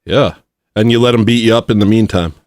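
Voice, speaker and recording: A man's voice: fairly low pitch, a little fast, darkish tone, no room sound. A man hosting a live chat, laid-back, laughing easily and trading dry remarks. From Alaska. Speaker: livestream host. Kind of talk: casual chat.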